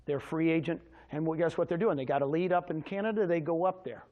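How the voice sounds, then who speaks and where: A man giving an energetic, motivational sales presentation at a real estate agents' meeting, quizzing his listeners with questions. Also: fairly high pitch, quick pace, lo-fi sound.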